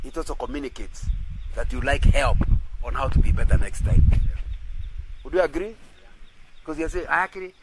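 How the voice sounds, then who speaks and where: A man's voice: mid-range voice, normal speed, pauses often, heavy background noise. A man teaching in a sermon style who keeps checking that listeners agree and often repeats and restarts his phrases. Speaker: Christian teacher.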